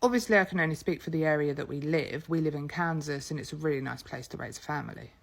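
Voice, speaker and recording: A woman's voice: low-pitched, quick pace, gravelly. An English mother with an English accent, talking to camera in an earnest, chatty way. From England. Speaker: mother and vlogger. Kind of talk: casual talk to camera.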